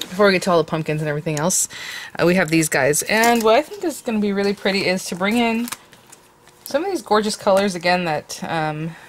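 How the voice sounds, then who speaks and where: Woman, lowish voice, casual craft demo, chatty, faint background noise. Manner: chatty, warm-hearted, calls pieces "little guy". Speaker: craft tutorial host.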